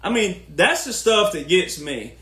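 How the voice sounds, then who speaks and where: Man podcast host, sarcastic lecturing rant, bright tense voice, echoey room. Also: high voice, sing-song, a little slow.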